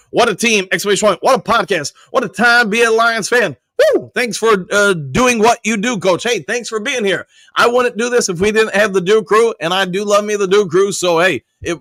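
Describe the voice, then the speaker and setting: A man hosts a live sports podcast, chatting loosely and reading viewer comments aloud before responding, often restarting and using fillers. His voice is high and a bit bright, moving briskly with few pauses, and the recording is dry.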